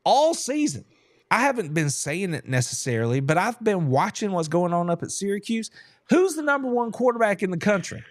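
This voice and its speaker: A man hosting a casual sports podcast, animated and laughing, with Southern turns of phrase, from Georgia. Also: high-pitched, fairly quick, no room sound, clean studio sound. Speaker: podcast host. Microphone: headset.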